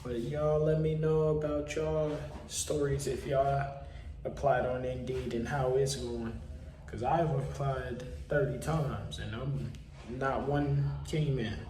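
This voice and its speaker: A man in casual commentary, easygoing and speaking straight to his viewers. His voice is mellow and sits a little back from the mic in a roomy space with a faint hiss underneath. He sounds like he is chatting from his couch. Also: mid-range voice, takes it slowly, recorded from a distance. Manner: relaxed, advising viewers directly. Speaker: reaction video host.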